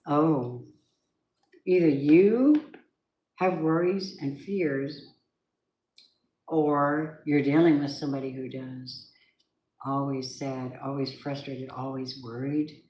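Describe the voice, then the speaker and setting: A woman's voice: a bass voice, fairly even intonation, slow, pauses often, mellow. A woman giving a casual tarot reading, chatty and emphatic, with spiritual asides. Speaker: tarot reader. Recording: echoey room, faint background noise.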